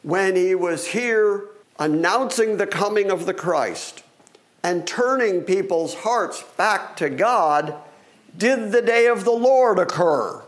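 A male pastor delivering an animated sermon. His voice sits high and swings widely in pitch as he acts out the questions of the people in the story. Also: slow.

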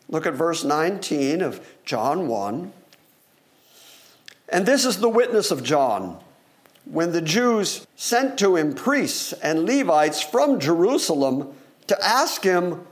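A man's voice: fairly high pitch, slow pace. A man preaching a sermon, teaching from scripture and acting out the voices of the people in the story. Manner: animated, acts out voices of questioners. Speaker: pastor.

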